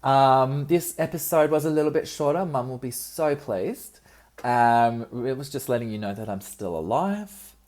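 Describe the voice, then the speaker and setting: Very low-voiced woman, cheeky podcast host. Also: expressive, moderate pace, darkish tone. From Australia. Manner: chatty, cheeky, swears freely, many ums. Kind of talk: casual solo podcast chat. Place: friend's apartment.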